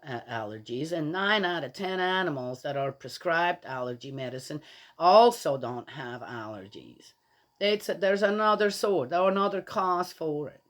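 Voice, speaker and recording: A woman's voice: fairly low pitch, a bit bright. Chatty opinionated older woman. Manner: chatty, opinionated, exasperated storytelling; frequent restarts and laughs while talking. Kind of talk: casual rambling monologue.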